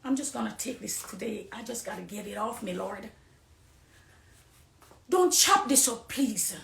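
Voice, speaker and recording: A middle-aged Jamaican woman giving an impassioned personal testimony on a live stream, preachy, swinging between hushed confiding and loud accusing. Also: mid-range voice, measured pace, creaky, reverberant. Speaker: dancehall artist on a live stream.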